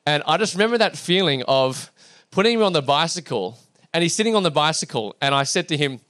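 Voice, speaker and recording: Animated high-voiced man telling a story. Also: fast talker, no room sound, clean studio sound. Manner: animated, acts out dialogue, lots of fillers and restarts. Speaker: speaker addressing an audience. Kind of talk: storytelling talk to a live audience.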